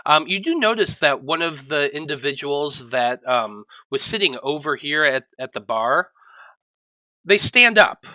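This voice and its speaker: A man guides players through a tabletop game as its game master, his voice very bright and a touch higher than most. He often stops mid-sentence with ums and restarts. The sound is close and completely dry. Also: lively intonation, dry recording, low-quality recording. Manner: halting, many ums and restarts.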